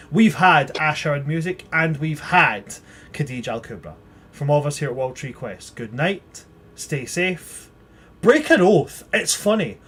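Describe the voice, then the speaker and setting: A man as game master, closing a tabletop livestream and plugging the socials in a chatty, upbeat way. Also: mid-range voice.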